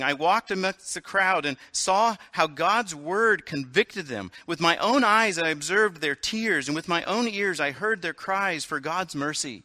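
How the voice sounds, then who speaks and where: A man's voice: on the high side, bright, forceful tone, no echo. A man reading aloud as a blunt, passionate aristocratic noblewoman, a widow, speaking fervently and emphatically.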